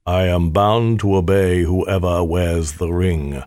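A man voicing an ancient, aloof male spirit bound to a ring, speaking in a measured, commanding way in an audiobook. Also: low voice, fairly even intonation, darkish tone, dry recording, clean studio sound. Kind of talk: audiobook character voice.

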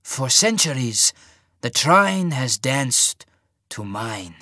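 Old rotund mage lord, genial but sinister, unhurried delivery, played by a man narrator. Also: mid-range voice, sing-song, no room sound, studio quality, exaggerated voice. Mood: genially menacing. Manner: slow, measured, softly menacing.

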